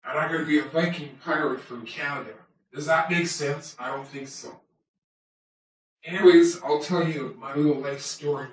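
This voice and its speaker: In a homemade comic monologue, a man with a fairly high, everyday-sounding voice plays a chatty male toy wolf who tells his life story in a rambling, self-mocking way. He talks at normal speed, far from the mic in a very echoey room.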